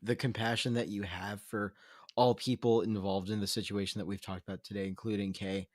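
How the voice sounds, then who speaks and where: A man's voice: lowish voice, flat delivery, brisk, dry recording, studio quality. A man hosting a podcast in casual conversation, earnest and affirming toward his guest. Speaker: podcast host.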